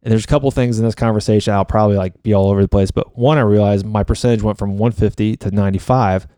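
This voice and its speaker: Fast, heated male real estate agent, mellow voice, dry close mic, casual podcast chat. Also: fairly low pitch, steady tone, clear, resonant tone, no room sound. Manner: fast, heated storytelling with frequent swearing.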